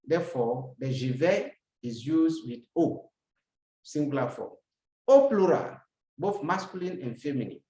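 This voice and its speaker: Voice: medium pitch, big pitch swings, a little slow, warm tone. Teacher drilling examples in a roomy space. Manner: repeats each example and translates it, with rhetorical questions to the learner. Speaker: language teacher. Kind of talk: recorded lesson. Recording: roomy echo.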